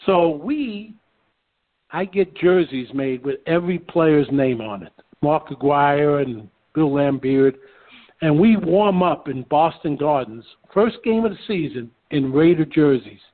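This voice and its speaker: A brash, animated man tells stories in a loose, casual chat. His voice sits a little high for a man. The sound is thin and narrow, like a phone line. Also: unhurried. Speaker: guest telling stories. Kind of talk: casual storytelling.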